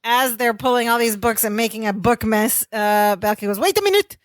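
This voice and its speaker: A woman's voice: on the high side, level tone, moderate pace, dry recording. A woman co-hosting a podcast, chatting through sitcom scenes and finishing her co-host's sentences. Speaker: podcast co-host. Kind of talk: casual recap chat.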